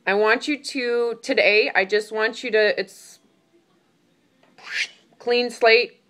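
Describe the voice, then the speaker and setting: A woman coaches a client over a video call with an emphatic, encouraging delivery. Her voice sits a little high. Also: fairly even intonation, takes it slowly. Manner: warm, emphatic, becomes tearful. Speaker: weight-loss coach.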